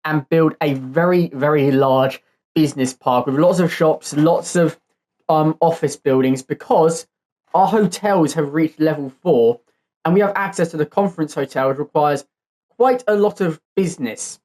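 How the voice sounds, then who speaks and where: A man's voice: on the high side, normal speed, a little mellow. A man hosting his own channel, giving casual gameplay commentary and thinking aloud in an easygoing way as he builds. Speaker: channel host.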